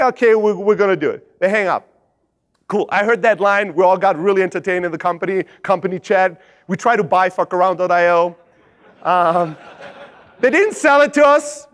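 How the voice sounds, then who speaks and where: A young man speaking at a conference, telling a lively sales story, swearing freely and acting out the other people's lines. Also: high-pitched. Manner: animated, swears, acts out quoted voices. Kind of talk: energetic storytelling talk. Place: conference stage.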